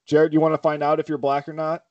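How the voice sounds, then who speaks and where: A man's voice: a little high, monotone, fast talker, dry recording, lo-fi sound. A man hosting a casual podcast, teasing his co-hosts and laughing often as he steers toward the news. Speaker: podcast host leading the segments.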